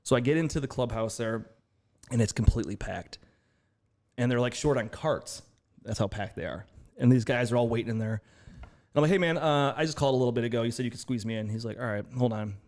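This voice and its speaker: A man co-hosting a casual podcast, telling an animated story and acting out both sides of each exchange. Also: medium pitch, fast. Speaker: podcast co-host. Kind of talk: casual chat.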